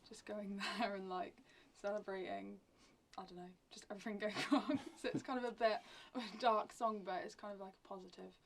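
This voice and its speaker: A woman from a band chats through her answers with a gravelly, creaky edge. She talks loosely and hesitantly, full of fillers. The mic sits a bit far off, with faint background noise. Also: mid-range voice, fairly even intonation, a little fast. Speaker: band member. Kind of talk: casual interview answers.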